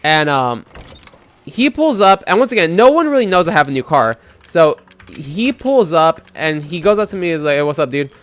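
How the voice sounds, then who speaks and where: Rambling young man, slightly high voice. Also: sing-song, normal speed, fairly bright tone. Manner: rambling, swears a lot, heavy use of "like". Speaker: gaming video host. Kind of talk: casual storytelling over gameplay.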